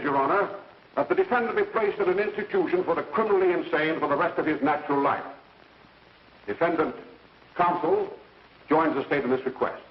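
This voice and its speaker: An actor plays a formal male prosecutor who declaims to the court in a raised, fairly high voice. He sounds far off in an echoey room. The track is a muffled, hissy 1930s film recording. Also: natural voice.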